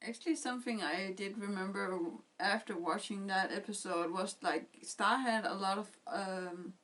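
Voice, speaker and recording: A woman in a casual discussion, mostly giving quiet brief remarks. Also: mid-range voice, normal speed, distant mic.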